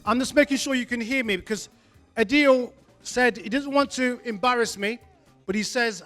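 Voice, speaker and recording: A man with a high voice hosts a live evening event in a venue. He talks into a handheld microphone with self-mocking, teasing stage banter. His jokes run between comic asides and chat with the crowd. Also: steady tone, normal speed, fairly bright tone, soft background music. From England. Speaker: event host. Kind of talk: joking stage banter with the audience.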